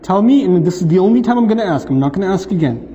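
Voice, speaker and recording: An exasperated mother keeps demanding the truth, voiced by a man. She sounds stern and repeats every warning, in a higher voice. The sound is lo-fi, with long reverb. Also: expressive, racing, warm tone.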